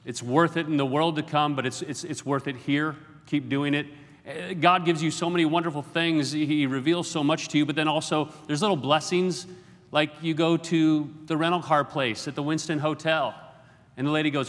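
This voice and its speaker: Joking middle-aged preacher in a reverberant hall. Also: male voice, fairly high pitch, fairly quick, a bit bright. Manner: jokey, self-deprecating asides. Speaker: guest preacher. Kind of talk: sermon. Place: large auditorium.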